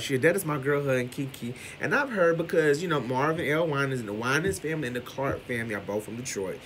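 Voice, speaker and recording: A man giving loud, brash gossip commentary with heavy cursing. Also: medium pitch, animated, a little fast, few pauses, breathy edge. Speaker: commentary vlogger.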